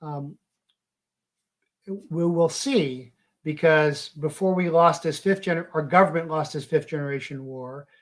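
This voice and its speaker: A man giving a halting, emphatic monologue full of fillers. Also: on the high side. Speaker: commentator. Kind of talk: monologue commentary.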